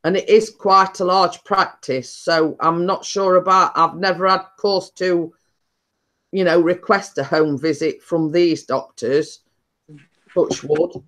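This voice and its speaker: A woman's voice: on the low side, steady tone, takes it slowly, fairly bright tone. A woman hosting a casual chat, rambling and repeating her words as she tells a story. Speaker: host.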